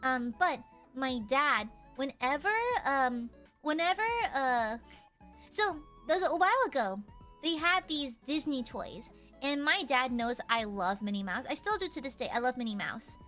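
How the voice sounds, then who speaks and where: A woman livestreamer chatting casually, giggling often and rambling through fillers. Her voice sits high and sounds bright. Soft background music plays beneath her. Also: animated, measured pace. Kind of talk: casual chat with viewers.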